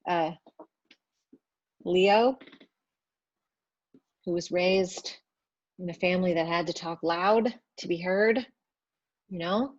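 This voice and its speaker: A woman giving a loose, chatty spiritual talk to viewers, with many fillers, trying to speak gently. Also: lowish voice, slow, pauses often, no echo, muffled recording. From Italian family background.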